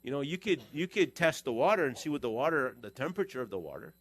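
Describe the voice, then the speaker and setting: A middle-aged pastor preaching a sermon in an animated, conversational way, his volume rising and falling. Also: mid-range voice, fast, slightly rough.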